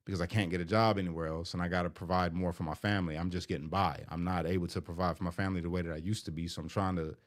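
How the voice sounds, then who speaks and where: A man's voice: deep voice, fairly even intonation, rapid-fire, hardly any pauses. A middle-aged man telling his own story in a candid, emotional vlog, rambling with fillers. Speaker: vlogger. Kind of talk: personal vlog, confessional storytelling.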